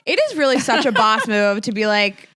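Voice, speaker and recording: A woman's voice: on the high side, a little fast, fairly bright tone, clear, resonant tone. A woman co-hosting a podcast, talking bluntly and animatedly, swearing freely. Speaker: podcast co-host. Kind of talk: casual chat.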